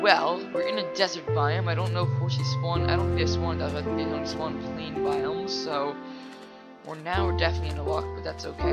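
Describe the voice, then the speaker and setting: A man giving casual let's play commentary while he plays, rambling chattily with lots of fillers and breaking into loud excited reactions to the game. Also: on the high side, lo-fi sound. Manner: rambling and chatty, full of "like" and "you know".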